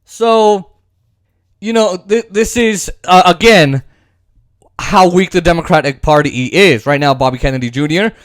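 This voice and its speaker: A man's voice: high-pitched, a little slow, no echo, studio quality. A man hosting casual political commentary, rambling and sarcastic, with frequent restarts and mocking impressions.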